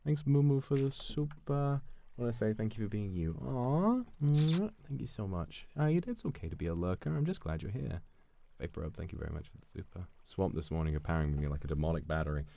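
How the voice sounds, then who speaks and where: A man's voice: low-pitched, animated, fast, gravelly, mellow. A male streamer chatting casually during a game, playful and flirty as he thanks donors. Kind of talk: casual gaming stream chat.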